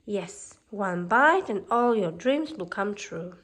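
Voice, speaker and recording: A woman's voice: mid-range voice, lively intonation, slow, fairly bright tone. A woman putting on a sly old peddler hag. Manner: wheedling, calls listener dearie. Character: wicked queen disguised as old peddler woman, sly and coaxing. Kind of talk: storybook reading.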